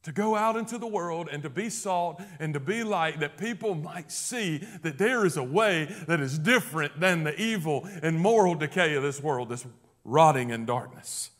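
A male pastor preaching a sermon, swinging from loud emphatic declarations to hushed, low passages. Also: expressive, moderate pace.

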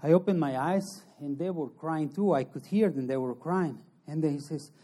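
A man giving an emotional personal testimony as an interview guest, in halting, earnest non-native English. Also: fairly high pitch, dark tone. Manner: emotional storytelling.

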